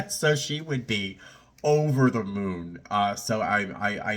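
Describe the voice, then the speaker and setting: A man's voice: fairly low pitch, a bit bright. A middle-aged man in a casual personal vlog, talking in a reflective, rambling way with many fillers and restarts, a little choked up. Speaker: vlogger.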